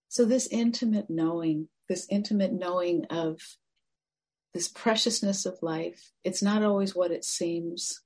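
A woman meditation teacher giving a gentle, reflective dharma talk that sometimes drops to a near-whisper. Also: lowish voice, unhurried.

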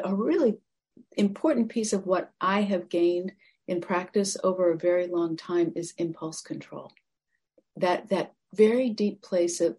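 Soft-spoken woman giving a dharma talk. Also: on the low side, a little slow, husky. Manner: gentle, reflective, drifting into soft near-whispers. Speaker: meditation teacher.

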